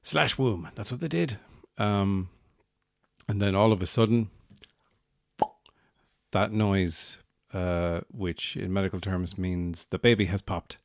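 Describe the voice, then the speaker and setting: Irish male podcast host, low voice, dry close sound, digressive comic storyteller. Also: slow pace, dry recording. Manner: rambling, digressive, wry.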